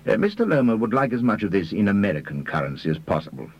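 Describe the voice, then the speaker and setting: Composed, polite bank manager, as a man voices him, low and slightly husky, unhurried and even. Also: dull audio, exaggerated voice. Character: calm, courteous male bank manager.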